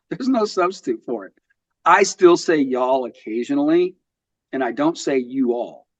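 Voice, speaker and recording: A man in his fifties with a light West Texas accent, a podcast guest talking casually and thoughtfully, with frequent pauses and restarts. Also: mid-range voice, expressive, dry recording. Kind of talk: casual interview. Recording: dull lo-fi audio.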